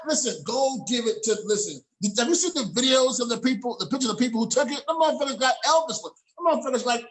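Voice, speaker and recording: Man, high voice, profane, heated, repetitive, restarts a lot, video call host. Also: expressive, quick pace, low-quality recording. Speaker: show host. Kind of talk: ranting casual talk show chat.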